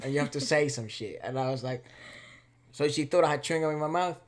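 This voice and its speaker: Laughing, animated young man telling stories. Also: a little high, fast talker. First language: Spanish. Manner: animated, laughing, swears freely. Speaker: reaction video co-host. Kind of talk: casual storytelling chat.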